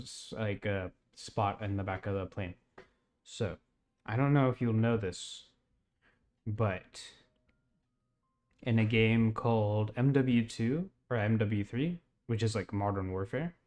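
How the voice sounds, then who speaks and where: A man's voice: on the low side, darkish tone. A young man casually retelling a strange dream, rambling with lots of fillers and laughs. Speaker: podcast host.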